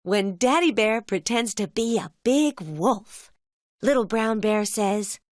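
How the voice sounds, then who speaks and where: A woman telling a children's cartoon story as narrator, in a gentle storybook manner. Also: mid-range voice, animated, takes it slowly, no echo, clean studio sound.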